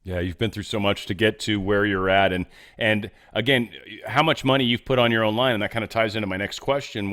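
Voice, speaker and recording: Host, male: quick, casual, rambling questioner. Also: fairly low pitch, a bit bright. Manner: loose, rambling questions full of fillers. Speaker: podcast host. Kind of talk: casual interview.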